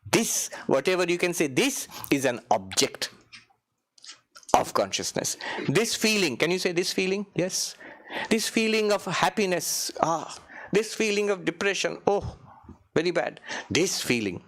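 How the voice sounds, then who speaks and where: A man, a monk, gives a spiritual retreat talk in a meditation hall. His voice sits fairly high and he talks in an animated way, swooping up and down in pitch. He chuckles now and then and chants verses in Sanskrit. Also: a little slow.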